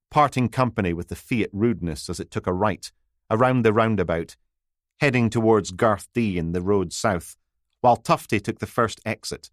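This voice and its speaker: A man's voice: on the low side, no echo. A man narrating a crime novel audiobook in a dry, wry reading voice.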